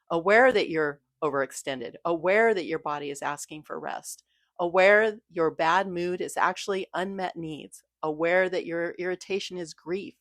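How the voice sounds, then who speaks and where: Woman, lower voice, calm coaching delivery, close dry recording. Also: no room sound. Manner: gentle, reassuring, coaching tone. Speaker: mindfulness creator. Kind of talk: scripted talk to camera.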